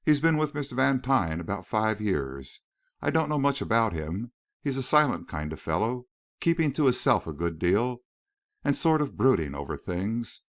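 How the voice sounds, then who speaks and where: Male reader doing a devoted manservant: respectful, earnest, lowish and expressive. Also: normal speed. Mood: confiding. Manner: respectful, says sir often. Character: Parks, a loyal, deferential middle-aged male valet.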